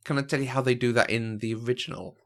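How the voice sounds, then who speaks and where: A man co-hosting a film podcast in casual chat, animated and fond of acting out lines. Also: medium pitch, quick pace. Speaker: podcast co-host. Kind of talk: casual chat about films.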